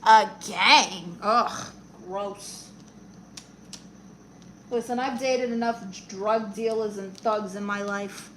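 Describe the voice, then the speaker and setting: A woman's voice: mid-range voice, steady tone, slow pace, pauses often, fairly bright tone, slight background noise. A woman playing a brash, blunt middle-aged aunt who calls herself a therapist, chatting on a live stream while she colors and reads the chat. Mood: chatty. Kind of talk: improvised character comedy live stream.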